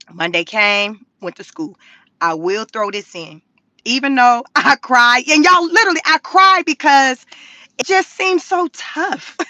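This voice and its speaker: A middle-aged woman from California telling a story casually to her viewers, animated, laughing often and swearing freely. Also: on the high side, no room sound. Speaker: vlogger.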